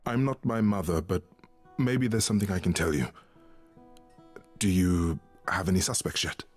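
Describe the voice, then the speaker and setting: An actor playing a gentle, consoling male god, speaking calmly in a husky low voice. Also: normal speed. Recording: game audio with faint music beneath.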